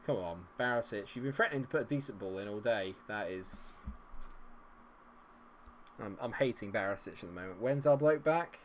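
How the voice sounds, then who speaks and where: A man giving running commentary as a streamer, exasperated and muttering, with loud outbursts. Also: on the low side, animated, moderate pace, long pauses, slight background noise. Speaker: gaming streamer. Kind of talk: live game commentary.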